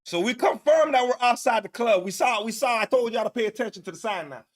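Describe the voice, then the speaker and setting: A man with a strikingly high voice gives loose, excitable commentary, talking over video clips with plenty of slang. He gets loud and animated as he reacts. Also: fast talker, very noisy. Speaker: co-host. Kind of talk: casual commentary.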